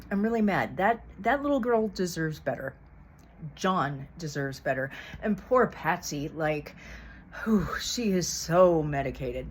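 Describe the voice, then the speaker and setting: A woman's voice: low-pitched, lively intonation, measured pace, a little hiss or hum. A woman vlogger giving blunt, heated commentary to the camera, swearing often. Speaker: true crime vlogger. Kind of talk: casual opinionated commentary.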